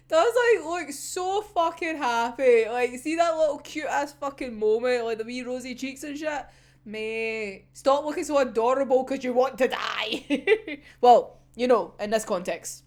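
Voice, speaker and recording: A woman, hosting a casual episode discussion, animated, laughing often and swearing freely. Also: high-pitched, unhurried. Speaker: anime reaction host.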